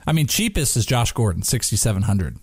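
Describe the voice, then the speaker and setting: A man's voice: fairly low pitch, very animated, brisk, slightly rough, no room sound, clean studio sound. A man from Arizona co-hosting a podcast, bantering and joking about his fantasy football lineup. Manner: joking, self-deprecating banter. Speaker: podcast co-host. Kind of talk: casual fantasy football chat.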